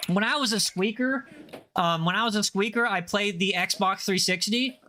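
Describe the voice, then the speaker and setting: A young man in his twenties with an American accent, chatting casually with his livestream audience, slangy and full of quick self-corrections. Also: high-pitched, bright, forceful tone. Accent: General American. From United States. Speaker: livestreamer reading chat.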